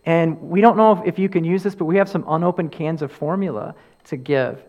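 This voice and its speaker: A man's voice: fairly high pitch, fairly quick, darkish tone, dull audio. A man preaching a sermon as pastor, earnest, repeating key phrases and rising and falling for emphasis.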